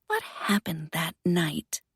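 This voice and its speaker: A woman voicing a calm, coy, cruel teenage girl who taunts in a soft half-whisper. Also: fairly low pitch, slow, slightly rough, no echo, clean studio sound, full character voice. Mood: coy taunting.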